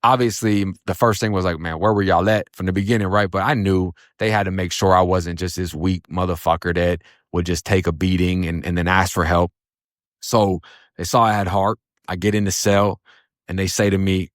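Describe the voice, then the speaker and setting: Man with a low, deep voice, dry close sound, casual profane storyteller. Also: fairly even intonation, normal speed, no room sound. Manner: blunt, profane street talk; quotes others in acted voices. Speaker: storyteller recounting his own past. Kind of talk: casual first-person storytelling.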